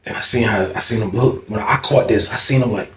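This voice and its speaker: A man's voice: lowish voice, brisk, a bit bright, echoey room, a little hiss or hum. A man telling a casual, slangy, profane story, often repeating himself.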